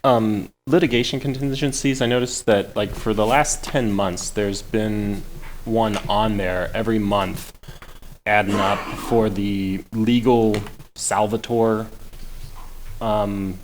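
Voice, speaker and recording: A man serving as a city councilmember, asking questions at a meeting in a halting way, with many fillers. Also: on the low side, fairly even intonation, slight background noise, rough recording.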